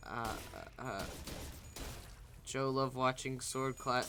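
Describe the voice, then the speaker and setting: A man's voice: mid-range voice, steady tone, takes it slowly, pauses often, bright, forceful tone. A man streaming a game, casually commenting on his moves and laughing often as he reacts to chat.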